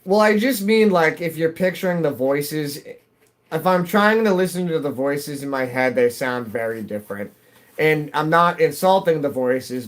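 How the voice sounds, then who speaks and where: Brief: middle-aged male game streamer, rambly chatty talk, slightly stuffy nose, mid-range voice. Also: medium pitch. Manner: rambling, self-interrupting, chatty. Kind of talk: casual chat while gaming. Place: at home.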